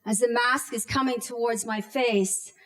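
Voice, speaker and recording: A woman in her thirties tells a personal story with a slow, deliberate pace. Her voice sits fairly high, and she leans into dramatic pauses and acted-out cries. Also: steady tone, a bit bright. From Canada.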